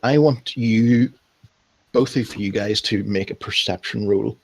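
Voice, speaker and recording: Slow, husky-voiced young man running a game. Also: on the low side. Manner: hesitant, many ums and restarts while describing scenes. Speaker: game master. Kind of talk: narrating a tabletop game.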